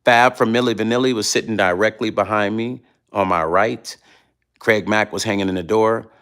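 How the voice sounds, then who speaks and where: A middle-aged man chatting casually late at night on his vlog, telling animated stories and repeating himself for emphasis. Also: lowish voice, normal speed, clear, resonant tone. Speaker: vlog host reading viewer comments.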